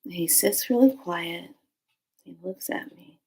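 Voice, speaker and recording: A woman with a fairly low-pitched voice tells a personal story, full of animation. She acts out the other people in it and lowers to a hushed whisper when the tension builds. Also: measured pace, gravelly. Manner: drops to a hushed whisper for tense moments.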